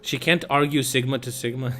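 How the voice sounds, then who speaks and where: A man's voice: medium pitch, steady tone, a little fast, fairly bright tone, faint music behind. A young man streaming, telling a story in casual chat with a profane, exasperated, ranting manner.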